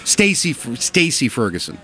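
A man's voice: medium pitch, very animated, moderate pace, bright, forceful tone, soft background music. A man co-hosting a podcast in casual chat, offering dry, wry commentary.

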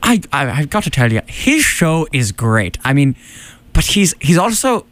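A man's voice: on the high side, big pitch swings, measured pace, a bit bright. A man hosting a radio show, joking along with his co-host in an easygoing, announcer-like way into a studio microphone. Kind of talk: comic radio chat.

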